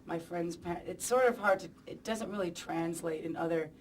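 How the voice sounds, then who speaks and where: A woman's voice: on the low side, moderate pace, recorded from a distance, slight background noise. A woman singer giving a casual press interview, chatty and playful, rambling with plenty of fillers. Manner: chatty, playful and rambling, many "you know"s. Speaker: pop singer being interviewed. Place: press event.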